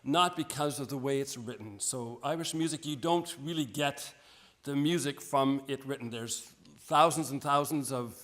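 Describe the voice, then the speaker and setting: A man lectures on music in a relaxed, self-deprecating way, often stopping to restart a sentence. His voice sits in an ordinary middle pitch. The sound carries a long reverb from the large hall around him. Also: moderate pace. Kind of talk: informal music lecture with playing.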